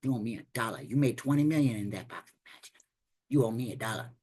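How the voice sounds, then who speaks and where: A man doing an impression of a famous heavyweight boxer, taunting and threatening in a low, quiet, profane voice. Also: animated, quick pace, breathy edge. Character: menacing male heavyweight boxer, coarse and threatening.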